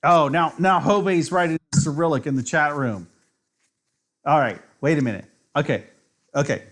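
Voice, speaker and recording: A man's voice: fairly high pitch, moderate pace, fairly bright tone. A man streaming his chess games, tipsy from drinks, rambling and trash-talking with plenty of swearing and self-mockery. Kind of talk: casual live-stream commentary.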